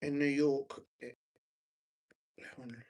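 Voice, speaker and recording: A man's voice: mid-range voice, little pitch movement, slow pace, darkish tone. A man hosting a football chat on his own, rambling and hesitant, full of ums and restarts while he searches his notes. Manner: scattered, searching through notes while talking. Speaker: football watch-along host.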